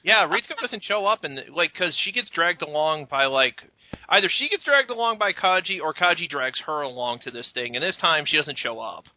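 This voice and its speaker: Male co-host, excitable and quick to laugh, higher voice, close dry lo-fi sound. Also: dry recording. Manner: animated, laughs often, stumbling restarts. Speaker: podcast co-host. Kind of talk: casual chat.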